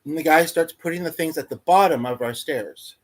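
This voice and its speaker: A man hosting a casual livestream wanders through an everyday tale, full of fillers and restarts, in rambling chat. His voice is a little high and fairly quick.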